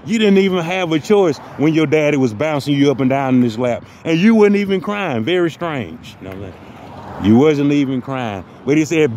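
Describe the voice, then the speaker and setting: A man's voice: on the high side, animated, normal speed, a little mellow, slight background noise. A man delivering a profane, mock-motivational comic rant that loops back on the same phrases. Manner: mock-motivational, repeats phrases, heavy cursing.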